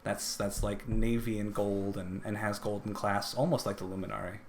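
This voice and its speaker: A man's voice: on the low side, steady tone, normal speed, a little hiss or hum. Man narrating as dungeon master. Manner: descriptive, with filler and restarts. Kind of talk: narrating a tabletop game.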